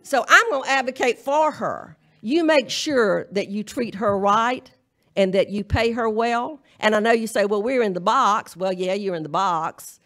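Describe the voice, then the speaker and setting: A woman's voice: mid-range voice, animated, a little slow. A woman minister with a Southern US accent, delivering a humorous, emphatic charge to a congregation at a live church service. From Southern United States. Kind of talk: folksy sermon-style charge.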